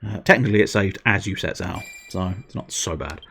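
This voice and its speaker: Bloke rambling over a game stream, sweary and self-mocking, lowish voice. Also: male voice, a little fast, gravelly, a bit bright, slight background noise. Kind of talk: casual gameplay commentary.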